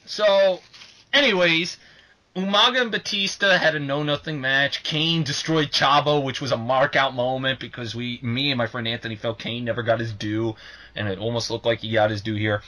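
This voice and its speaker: A young man co-hosting a casual podcast, excitable and swearing freely, who shouts when worked up. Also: medium pitch. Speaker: podcast co-host.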